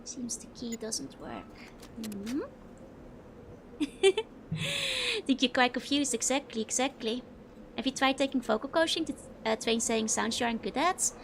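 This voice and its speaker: A woman's voice: sits high, big pitch swings, unhurried, pauses often, a bit bright, slight background noise. A young Dutch woman with a Dutch accent, chatting casually and giggling as she streams a game and answers her chat. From Netherlands.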